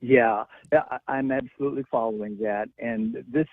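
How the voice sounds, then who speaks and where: A gravelly, slightly husky man speaks down a thin, tinny phone line. He explains things in a chatty way, his pitch bouncing up and down, with an easy chuckle never far off. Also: steady tone, moderate pace, no room sound. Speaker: veterinarian calling in. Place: on the phone, away from the studio.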